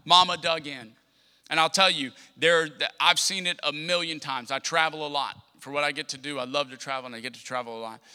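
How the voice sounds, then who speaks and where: Bright-voiced young preacher, animated. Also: male voice, high voice. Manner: animated, humorous storytelling. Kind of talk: storytelling sermon. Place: church sanctuary. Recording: long church hall reverb.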